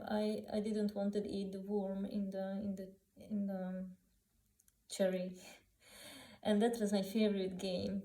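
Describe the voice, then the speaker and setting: A woman telling personal memories unscripted, halting with many restarts, fillers and non-native grammar. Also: medium pitch, warm tone, reverberant, low-quality recording. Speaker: author sharing personal memories.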